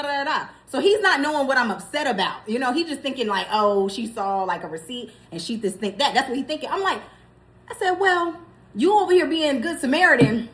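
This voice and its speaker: A young woman vlogger telling a story in a casual, animated way, laughing as she goes. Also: sits high.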